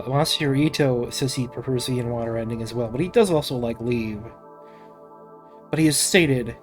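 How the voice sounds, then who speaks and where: A man hosting a let's play, talking in an emotional, rambling, casually profane way about the game. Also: mid-range voice. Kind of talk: casual gameplay commentary.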